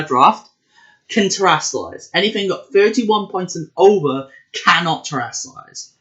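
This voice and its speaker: A man's voice: on the high side, fairly bright tone. A man hosting casual video commentary, chatty and self-correcting with many fillers. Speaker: competitive video game player and channel host. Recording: dull lo-fi recording.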